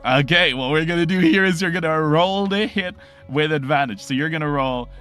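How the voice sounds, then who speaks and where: A man's voice: fairly high pitch, a little fast, a bit bright, soft background music. A man narrating a tabletop game as game master, in a loose, rambling way.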